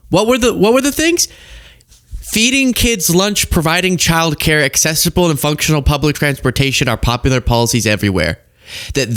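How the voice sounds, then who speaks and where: A man hosting a political commentary show, talking in an animated, exasperated, rambling way. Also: medium pitch.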